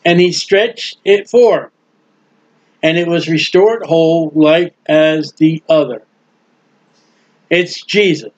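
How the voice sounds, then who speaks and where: High-voiced preacher, folksy and emphatic. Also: male voice, takes it slowly, pauses often. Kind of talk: sermon. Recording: dull lo-fi sound.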